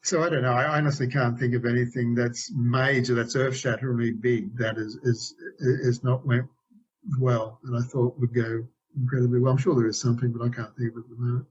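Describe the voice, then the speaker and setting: An older man telling stories as a guest in a casual interview, rambling along with frequent restarts and self-corrections. His voice sits at a middling pitch for a man. The audio is dull and lo-fi, with faint noise underneath, as over a video call. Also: level tone, fairly quick. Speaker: game developer guest.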